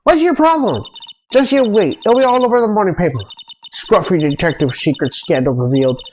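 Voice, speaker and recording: A woman voicing a pushy female reporter with a Southern accent, loud and folksy. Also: mid-range voice, lively intonation, fairly quick, a little hiss or hum, lightly acted. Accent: American Southern, as put on. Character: gossipy brash woman reporter.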